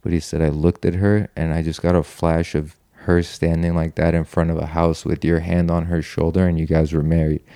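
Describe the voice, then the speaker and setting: A man's voice: deep voice, flat delivery, normal speed, few pauses, dark tone, no echo. A man telling a personal story in a loose, rambling way, full of "like" and "you know", with casual swearing. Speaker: guest telling his story.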